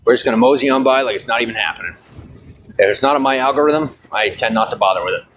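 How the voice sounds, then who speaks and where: A man's voice: mid-range voice, fast, fairly bright tone, slight background noise, rough recording. A man chatting casually and bluntly while walking down a city street filming a vlog, swearing freely. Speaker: vlogger.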